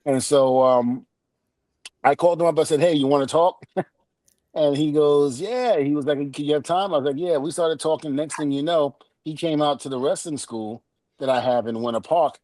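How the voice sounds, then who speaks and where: A man's voice: a little high, normal speed, no echo. A middle-aged man, a podcast guest, telling a story in casual chat and acting out each quoted line with laughter. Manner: animated, acts out quoted dialogue with laughs.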